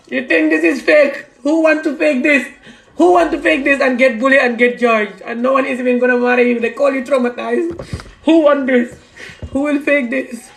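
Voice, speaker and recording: A woman's voice: sits high, steady tone, moderate pace, vocal fry. A woman speaking in a fervent, outspoken monologue to her followers, repeating herself in broken English. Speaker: vlogger. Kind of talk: impassioned personal monologue. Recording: echoey room with faint music.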